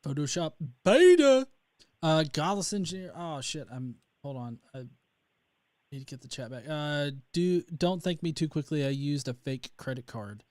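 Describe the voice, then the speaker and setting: A man's voice: on the high side, animated, normal speed, darkish tone. A young man from North Alabama hosting a casual livestream, rambling with many fillers and restarts. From North Alabama, USA. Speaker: livestream host.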